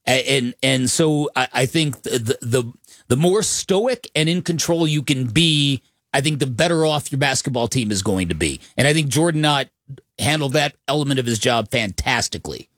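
A man co-hosting sports talk radio, rambling and halting with many restarts. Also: medium pitch, lively intonation, a bit bright, dry recording, studio quality.

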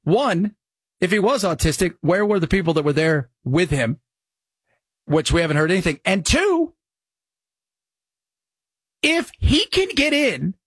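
A talk radio host, a man with a slightly husky, raised voice, rambles from story to story in a loose conversational way. His studio mic sounds dry and close, with no room in it. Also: sits high, sing-song, measured pace, long pauses, no room sound. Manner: rambling, conversational, jumps between topics. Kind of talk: casual radio talk and live reads.

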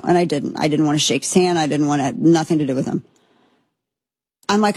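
Husky lower-voiced woman ranting on her commentary show, dry close sound, fired up, keeps restarting. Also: fast, darkish tone, no room sound. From United States. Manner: emphatic, impassioned, rambling with restarts. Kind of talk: opinionated political commentary.

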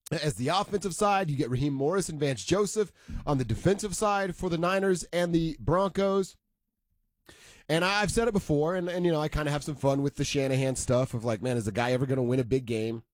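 A man's voice: a little high, dry recording. Chatty man hosting a sports show. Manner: laid-back, chatty, laughs often. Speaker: sports talk show host. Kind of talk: casual sports debate.

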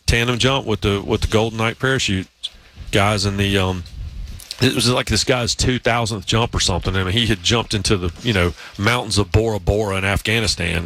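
A man's voice: on the low side, bright, forceful tone. A man hosting a sports talk show, telling long stories in a casual, rambling way. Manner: storytelling, rambling with restarts. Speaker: podcast host.

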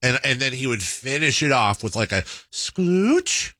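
A man's voice: medium pitch, brisk, pushed and bright, no echo. A man hosting a podcast, telling a story in a rambling, casual way, often stopping to correct himself. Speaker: podcast host.

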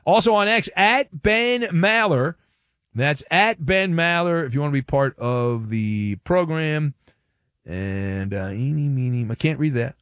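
A man's voice: a little high, animated, a little slow, a bit bright, no echo, clean studio sound. A man hosting a sports talk radio show, delivering a wry, theatrical monologue and stretching words for effect.

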